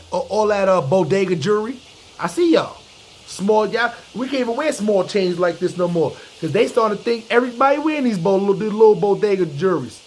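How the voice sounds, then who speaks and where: A man's voice: high voice, slight background noise. A man hosting a podcast, delivering a comedic, preachy street-talk rant full of profane slang and aimed straight at his listeners. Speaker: podcast host.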